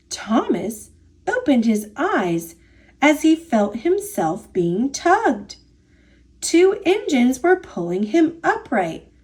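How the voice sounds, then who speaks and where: Slow, expressive woman reading a storybook. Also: high voice. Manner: expressive, drawn-out storybook narration. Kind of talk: children's picture book read-aloud.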